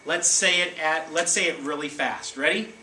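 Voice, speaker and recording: A man teaching a class of children, leading the lesson with energetic call-and-response prompts. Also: fairly high pitch, normal speed, a loud crowd. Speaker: elementary school teacher. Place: elementary school classroom. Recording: echoey classroom, distant mic, background noise.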